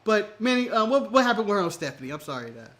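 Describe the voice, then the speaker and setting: An American man co-hosting a casual wrestling chat show, animated and laughing often, swearing and acting out other people's lines. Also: high voice, fast talker. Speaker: podcast co-host.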